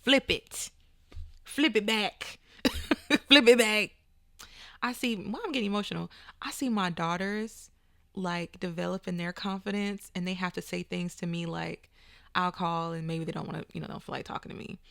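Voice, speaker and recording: A woman's voice: lowish voice, brisk, creaky, a bit bright, no echo, studio quality. A woman hosting a podcast and giving an emphatic, motivational talk in casual, colloquial speech, with preachy turns and playful asides. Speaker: podcast host. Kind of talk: motivational monologue.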